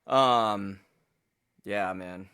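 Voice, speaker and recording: A man's voice: fairly low pitch, extremely slow, sharp tone, clean tone. A man hosting a reaction video, talking in a subdued, reflective way that trails off. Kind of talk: casual reaction commentary.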